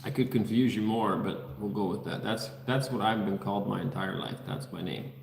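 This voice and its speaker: A man's voice: lowish voice, normal speed, creaky, reverberant, long reverb tail, slight background noise. A man from the Netherlands hosting a casual livestream from an unfinished house, reading viewers' comments and names aloud in an easygoing way. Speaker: livestream host. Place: unfinished house under construction.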